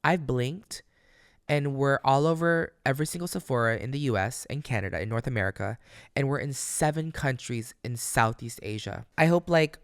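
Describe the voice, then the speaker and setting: A man's voice: mid-range voice, moderate pace, clear, resonant tone, dry recording, clean studio sound. A man hosting his own podcast in a casual solo monologue, speaking emphatically and candidly, swearing freely and addressing listeners directly. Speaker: podcast host.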